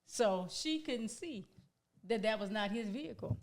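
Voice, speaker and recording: A woman's voice: on the high side, animated, a little slow. A woman entrepreneur, a guest on a podcast, telling her story animatedly and acting out quoted dialogue.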